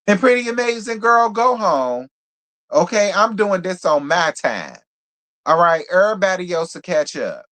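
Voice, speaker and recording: Man, fairly high voice, sassy, blunt live recap. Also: fairly bright tone. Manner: sassy, blunt, talks straight to viewers. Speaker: reality show reviewer. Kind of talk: live stream recap chat.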